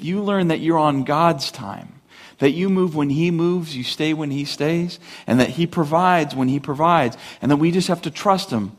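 A man preaching a sermon, animated, asking rhetorical questions and acting out the voices of complainers. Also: fairly high pitch. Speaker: pastor.

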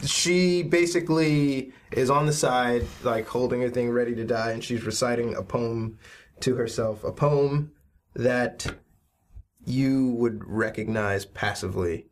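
A man running a tabletop role-playing game, narrating scenes in a relaxed, rambling way with many fillers. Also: mid-range voice, a little slow. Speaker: game master.

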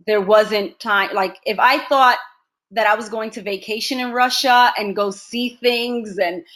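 A woman actress being interviewed, telling stories in an animated way and laughing often. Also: mid-range voice, measured pace. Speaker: actress, guest. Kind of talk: casual interview conversation.

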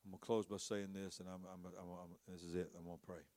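A man preaching a passionate sermon, swinging between hushed, intimate lines and loud, rising storytelling. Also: low voice, flat delivery, quick pace. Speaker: pastor.

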